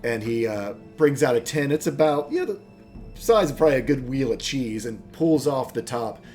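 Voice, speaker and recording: A man's voice: mid-range voice, animated, normal speed, darkish tone, soft background music. A man from the United States running a tabletop game, narrating with lots of fillers and restarts. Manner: rambling, filler-heavy storytelling. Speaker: game master.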